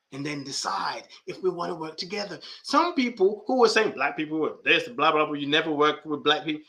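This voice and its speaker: A man's voice: high-pitched, sharp tone. A man hosting a podcast as a life coach, speaking emphatically and talking straight to his listeners in a reflective monologue. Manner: emphatic, talks to listeners directly.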